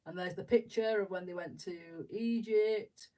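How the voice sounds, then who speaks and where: A mellow, medium-pitched woman's voice, a little slow, comes through a rough recording made at a distance. She's a middle-aged English streamer who chats, tells rambling stories and laughs a lot as she builds.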